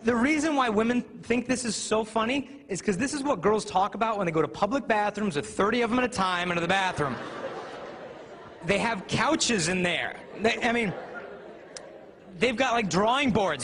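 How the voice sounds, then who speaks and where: In a reverberant large hall full of listeners, with faint ambient noise, a man speaks to students as a youth speaker. He tells humorous stories and acts out voices in a high-pitched, animated, fairly bright voice at a normal pace.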